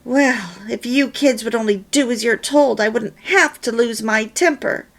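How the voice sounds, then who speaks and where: A woman reading the part of a quick-tempered wife and mother who speaks in a pleading way. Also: a little high, creaky. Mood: scolding.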